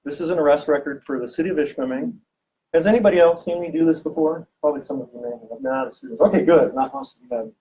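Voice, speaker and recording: A man lecturing to a live audience, joking, teasing and firing questions at the room. His voice sits a little high for a man. It is picked up from a distance on a dull, lo-fi recording. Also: fast, mellow. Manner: jokey, teasing, quizzes the audience. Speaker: university archivist giving a public talk.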